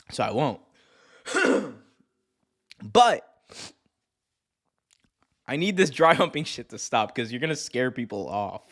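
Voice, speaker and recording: A male host on a live wrestling stream, chatting off the cuff. His talk rambles and restarts, full of swearing and quick laughs, and his voice sits at an ordinary middle pitch. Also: very animated, fairly bright tone.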